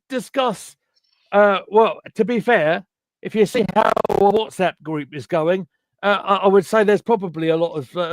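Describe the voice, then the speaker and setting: A man hosting a casual football chat stream over a video call, chatty and excitable, with lots of stumbling restarts. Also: high voice, no echo, clean studio sound. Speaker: host. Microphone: home computer mic on a video call.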